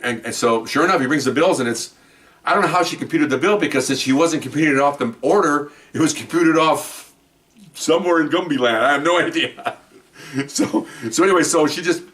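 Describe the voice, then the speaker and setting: A man's voice: fairly high pitch, recorded from a distance. Rambling man telling a story off-mic. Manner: rambling, animated, laughs at his own story. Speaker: podcast host telling cop stories. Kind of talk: casual storytelling.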